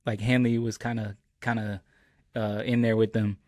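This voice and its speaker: A man's voice: fairly low pitch, moderate pace, no echo, studio quality. A man hosting a podcast, chatting casually and telling stories with lots of "like" and "bro". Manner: relaxed storyteller, many "like" and "bro" fillers. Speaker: podcast host. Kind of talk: casual chat.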